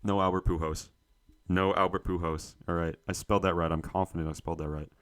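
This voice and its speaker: A man's voice: low-pitched, little pitch movement, fast talker, fairly bright tone. A young man, co-host of a sports show, thinking aloud to himself as he works through a trivia quiz, muttering and searching for names.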